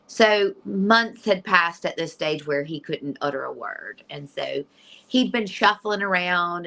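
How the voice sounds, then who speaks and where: A middle-aged woman from Virginia, a guest in an interview, earnestly telling a personal story with lively restarts. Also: sits low, low-quality recording. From Virginia, USA.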